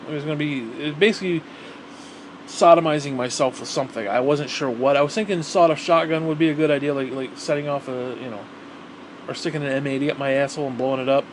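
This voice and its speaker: Profane rambling man, fairly high voice. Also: a little hiss or hum. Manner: profane, rambling, repeats himself, heated. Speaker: vlogger. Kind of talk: rambling monologue rant.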